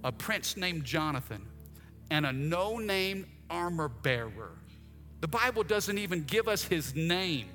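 High, bright-voiced preaching pastor. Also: male voice, measured pace. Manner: animated preaching with acted-out asides and humor. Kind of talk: sermon. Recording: long reverb, faint music behind.

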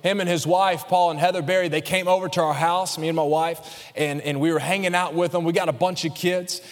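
A man's voice: a little high, brisk, long reverb tail. A pastor in his thirties preaching a sermon in a church, telling a story with jokes and acting out the quotes. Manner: storytelling, joking, animated with acted-out quotes. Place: church sanctuary.

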